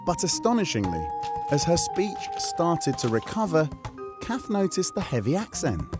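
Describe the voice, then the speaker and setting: A man hosting and narrating a science documentary in scripted voice-over with an expressive, rising and falling delivery. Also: a little high, normal speed. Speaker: host and narrator. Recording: voice-over over background music.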